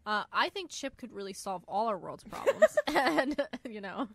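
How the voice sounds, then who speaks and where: A woman's voice: medium pitch, very animated, moderate pace, gravelly, a bit bright. A woman co-hosting a podcast in casual book-discussion chat, easygoing and agreeable, often saying "look" and "like". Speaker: podcast co-host.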